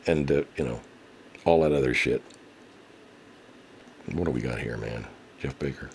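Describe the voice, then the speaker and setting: A man's voice: very deep voice, normal speed, creaky, a little mellow, slight background noise. A man hosting a casual livestream, reading viewer comments, swearing heavily and ranting angrily. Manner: baby talk to his pet cat. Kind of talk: casual profane livestream chat.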